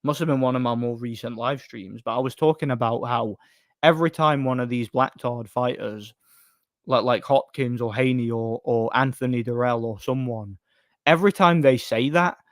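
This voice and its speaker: A man's voice: medium pitch, moderate pace, no echo, clean studio sound. A man, hosting a live stream and chatting bluntly about boxing while reading out comments. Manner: blunt, opinionated, rambling with restarts. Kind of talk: casual stream talk, reading chat.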